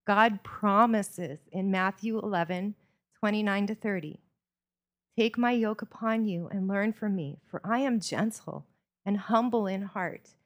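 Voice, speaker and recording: A woman preaching a sermon in a church, telling stories with earnest, varied emphasis. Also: mid-range voice.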